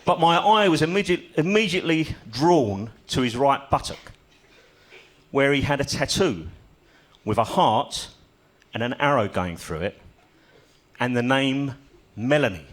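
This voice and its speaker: A man's voice: medium pitch, a little slow. An older man doing a stand-up comedy set on a club stage, telling stories with dry, self-mocking humor.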